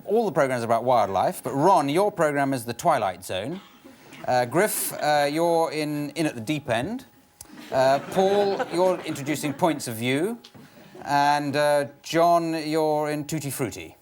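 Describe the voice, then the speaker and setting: A man's voice: on the high side, animated, a little slow, a little hiss or hum. A man hosting a comedy panel show, genial and hesitant with frequent ums. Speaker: game show host. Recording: TV studio with audience.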